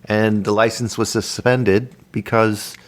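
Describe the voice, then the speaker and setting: A man's voice: on the low side, level tone, slow. A man hosting a comic retro news chat, reading facts with dry jokes. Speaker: host of a retro journal show.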